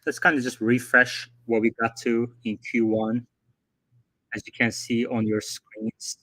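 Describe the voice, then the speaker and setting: A man hosting a casual livestream who talks through numbers in a chatty, unhurried way and thinks out loud as he goes. His voice sits at an ordinary middle pitch. The sound is dry and close, with no room around it. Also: flat delivery, no echo, poor audio. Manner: chatty, thinking aloud, reads quotes from a report. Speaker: livestream host.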